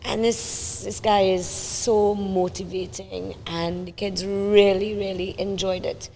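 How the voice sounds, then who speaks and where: A woman's voice: medium pitch, flat delivery, slow pace, vocal fry, mellow, in a large hall, a little hiss or hum. A woman hosting a podcast interview, conversational and asking questions. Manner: conversational, many fillers and restarts, asks questions. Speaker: podcast host. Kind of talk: casual interview.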